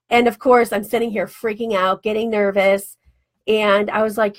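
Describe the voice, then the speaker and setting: A talkative woman in her forties hosts her own radio show, spinning a casual personal story. Her voice sits a little high, and she slips into quick acted-out snippets of conversation as she goes. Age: 40s. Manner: chatty, animated, acts out quoted dialogue. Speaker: radio show host and life coach.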